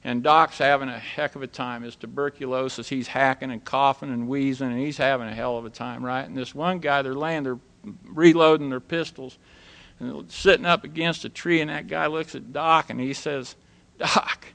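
A man's voice: mid-range voice, fairly even intonation, normal speed, gravelly, a bit bright. An older man speaking plainly and folksily to a recovery meeting, telling stories and jokes. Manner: folksy, plain-spoken, tells jokes and quotes others. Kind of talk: storytelling talk to a live group.

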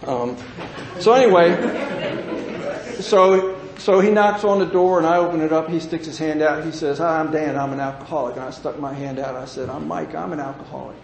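A man's voice: a little high, fairly even intonation, moderate pace, slight background noise. A man in his sixties, plain-spoken and folksy, telling his recovery story to a meeting and livening up when he jokes. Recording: echoey room with faint ambience.

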